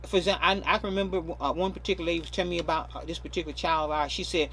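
A man's voice: fairly high pitch, fairly even intonation, racing, fairly bright tone, slight background noise. A man preaching a sermon, stressing key words and stretching them out, often repeating himself. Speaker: pastor.

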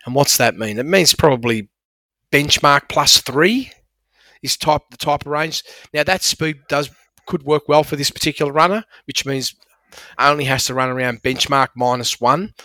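A man's voice: on the high side, normal speed, bright, forceful tone, dry recording. A man, breaking down horse racing form with enthusiastic, emphatic analysis. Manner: enthusiastic, emphatic about figures.

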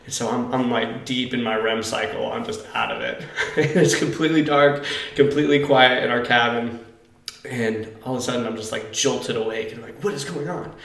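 Gravelly man telling stories in an echoey basement. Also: mid-range voice, moderate pace. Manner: animated storyteller, acts out quotes loudly. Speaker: podcast co-host, youth pastor. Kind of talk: casual chat, storytelling. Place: church basement.

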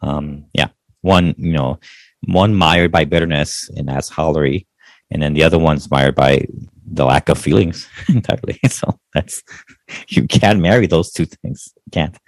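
Super deep gravelly dude chatting movies on a podcast, dry close sound, swears a lot. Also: male voice, moderate pace, no room sound. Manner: laid-back, swears casually, trails off with fillers. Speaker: podcast co-host. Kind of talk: casual movie review chat.

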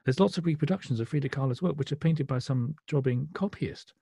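A man, a critic chatting casually with measured, wry remarks and some hesitation. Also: medium pitch, vocal fry, dark tone, slightly rough, no echo, clean studio sound. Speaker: podcast co-host, critic.

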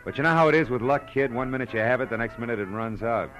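A man's voice: medium pitch, quick pace, a bit bright, soft background music, lightly acted. A man playing a world-weary, wisecracking male private detective in an old-time radio drama, also narrating the story. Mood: wry. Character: hard-boiled male private detective, wry, dry-witted. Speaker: narrator and lead. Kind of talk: 1940s radio acting.

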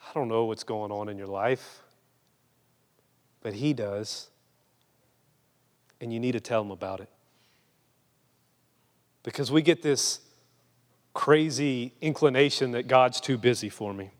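A young man preaching a sermon in a casual, storytelling way, sometimes lively and sometimes hushed and earnest. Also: medium pitch, measured pace, pauses often, long reverb tail.

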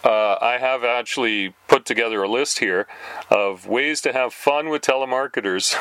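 A man spins casual stories in a bright, forward voice, peppered with "uh"s and quick laughs. The recording is dry and close, with no room sound. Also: dry recording. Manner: chatty, frequent fillers, laughs at his own stories; animated, jumps higher when reenacting calls. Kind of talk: casual storytelling monologue.

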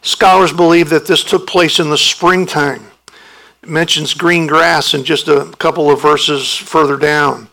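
Male pastor, sermon delivery, slow and measured, bright gravelly tone, emphatic. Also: a little high, steady tone, poor audio. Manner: emphatic, rising sharply when voicing the disciples' protests.

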